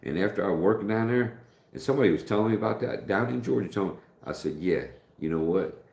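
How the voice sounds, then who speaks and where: This middle-aged live streamer from the United States is a fast talker with a lowish, creaky, darkish voice, and the room echoes. He meanders through anecdotes in relaxed chat, acting out the lines he quotes.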